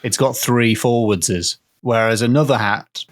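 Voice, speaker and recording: A man's voice: medium pitch, a little slow. A man co-hosting a podcast, chatting casually and wandering into whimsical tangents. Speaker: podcast co-host. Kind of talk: casual comedic chat.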